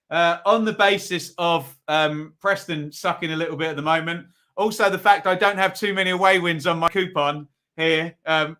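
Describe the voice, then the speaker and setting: A man's voice: fairly high pitch, bright, forceful tone. A man hosting a live football preview, chatting and reading out viewer predictions. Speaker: football podcast host.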